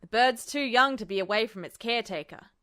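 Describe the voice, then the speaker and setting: A woman voicing a gruff male jockey who challenges strangers, in an audiobook. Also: fairly high pitch, fairly quick, a bit bright, natural voice. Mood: challenging. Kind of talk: audiobook character voice.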